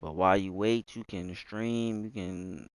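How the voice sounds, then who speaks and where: A man's voice: low-pitched, steady tone, a little slow, clear, resonant tone, no echo. A young man from Texas, rambling casually into his mic with lots of fillers, sighs and swearing. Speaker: gamer streamer.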